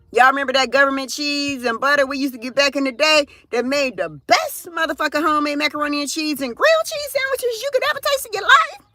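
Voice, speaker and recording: A middle-aged woman hosting a casual live stream, talking loudly and profanely in an animated rant from outdoors near a car on her phone. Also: high-pitched, quick pace, dry recording. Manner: loud, profane, animated ranting. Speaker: livestream host.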